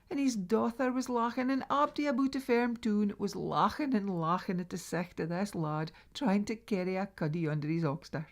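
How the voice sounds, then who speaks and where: A woman with a Northeast Scots accent telling a traditional folk tale, dramatic and dropping to whispers. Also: lowish voice. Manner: lively, dramatic, drops to whispers. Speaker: storyteller.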